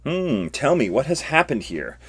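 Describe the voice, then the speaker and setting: A man's voice: mid-range voice, sing-song, normal speed, a bit bright, husky, no room sound, pitched above the performer's own voice. A man voicing a small, ancient male alien sage who speaks in inverted, wise phrasing while reading a comic aloud.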